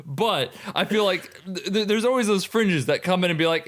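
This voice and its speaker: A man's voice: a little high, fairly quick, few pauses, fairly bright tone. A man co-hosting a podcast, talking in casual, wry, joking banter. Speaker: podcast co-host. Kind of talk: casual chat.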